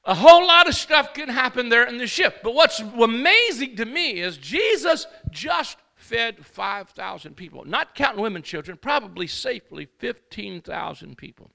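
A male preacher delivers a sermon in a church service with a high, swooping voice. A gravelly fry roughens his bright, sharp tone. He rouses the congregation with call-and-response, then drops into quieter storytelling and rambling asides. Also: big pitch swings, normal speed, hardly any pauses. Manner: rambling asides, acts out quoted speakers.

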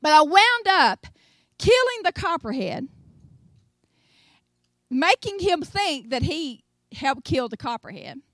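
An older woman with a Tennessee accent, preaching a sermon in an animated storytelling way, acting out voices and swinging between soft asides and loud exclamations. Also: sits high, slow, pauses often, no room sound. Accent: Southern US, Tennessee.

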